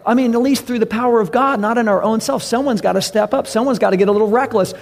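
Pastor, male, fairly high gravelly voice, earnest emphatic sermon delivery. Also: a little fast. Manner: earnest preaching, rising to loud emphatic calls.

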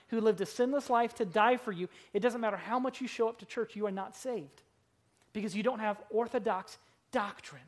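A woman preaching a sermon in a church service, swinging between loud, forceful lines and hushed ones, and slowing down to stress key words. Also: medium pitch.

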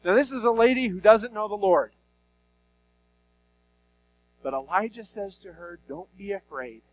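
A man preaching a sermon, retelling Bible stories in an animated, conversational way. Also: high-pitched, a little fast, a little hiss or hum, poor audio. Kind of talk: sermon storytelling.

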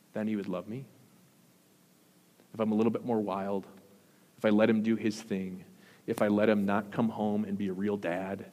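A man preaching a sermon as pastor, earnest, with emphatic rises and soft, intense drops. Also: on the low side. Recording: long hall reverb.

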